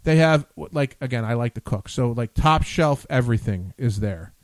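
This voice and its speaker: A man's voice: medium pitch, expressive, moderate pace, no echo. A man hosting a radio show, talking in a blunt, profane, rambling way with lots of restarts. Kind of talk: casual on-air chat.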